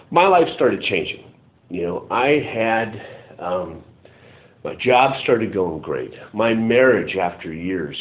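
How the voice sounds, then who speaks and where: A middle-aged man telling his recovery story in a rambling, halting way, full of restarts. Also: fairly low pitch. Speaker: recovery meeting speaker. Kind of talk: personal testimony. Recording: tinny phone-like audio.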